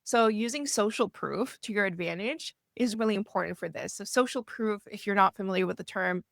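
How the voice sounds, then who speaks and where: A woman's voice: medium pitch, a little fast, vocal fry, a bit bright, no echo, studio quality. A woman who works as a fundraising consultant, giving a conversational lesson and often checking in with the listener with "right?". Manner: chatty, frequently checks in with "right?" and starts with "so". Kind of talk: conversational teaching talk to camera.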